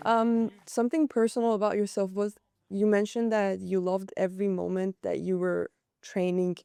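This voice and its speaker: A woman asking an interview question in a gentle, measured way. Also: mid-range voice, level tone, gravelly, clear, resonant tone, no echo, clean studio sound.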